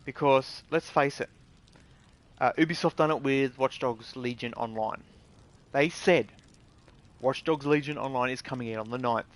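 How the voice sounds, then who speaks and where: An Australian man who makes gaming videos gives an indignant, casual rant full of blunt language and swearing. His medium-pitched voice moves at a normal speed, pausing often.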